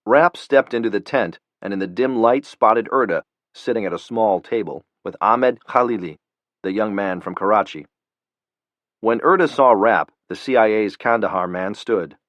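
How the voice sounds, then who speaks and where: A male audiobook narrator with a lowish voice reads a thriller steadily. The recording is dull and lo-fi, dry and close. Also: moderate pace, a bit bright, dry recording.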